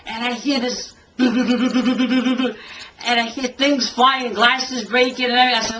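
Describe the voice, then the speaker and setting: An older woman tells a story from her early days as a singer, her voice bright and forward. She is a lively storyteller who acts out each quote and laughs often as she goes, with a faint hiss behind her. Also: a little high, takes it slowly, muffled recording. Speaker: singer and tribute artist for a famous singer. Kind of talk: telling a story in an interview.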